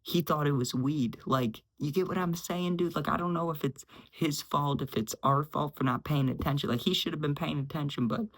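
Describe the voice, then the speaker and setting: A man's voice: on the high side, normal speed, few pauses, a bit bright, rough recording. Rambling young man telling a storytime. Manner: rambling, says "dude" constantly, acts out quotes. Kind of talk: casual storytime.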